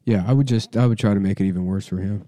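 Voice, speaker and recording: A man's voice: lowish voice, fast, dark tone, no room sound. A man in his thirties hosting a podcast, chatting loosely and joking around. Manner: loose, jokey, breaks into silly voices. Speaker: podcast host. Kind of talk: casual chat.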